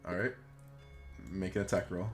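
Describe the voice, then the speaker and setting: A man's voice: deep voice, fairly even intonation, moderate pace, soft background music. A man narrating as game master of a tabletop game, rambling with many fillers and restarts.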